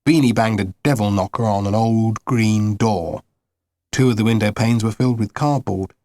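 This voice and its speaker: A man's voice: on the low side, moderate pace, dark tone, dry recording. Subdued male audiobook narrator. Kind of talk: first-person audiobook narration.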